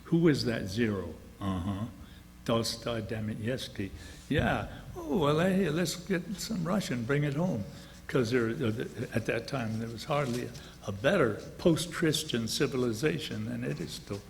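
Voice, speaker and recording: Chuckling and restarting as he rambles, an older man reads and tells stories at the launch of his book. He speaks a little slowly and expressively at medium pitch with vocal fry, in an echoey hall with faint noise.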